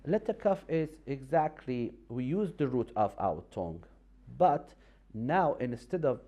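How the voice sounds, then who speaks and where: Mellow-voiced man teaching with halting explanations. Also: medium pitch, sing-song. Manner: halting, many fillers and restarts, patient explaining. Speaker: Quran recitation teacher. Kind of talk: TV lesson explaining pronunciation.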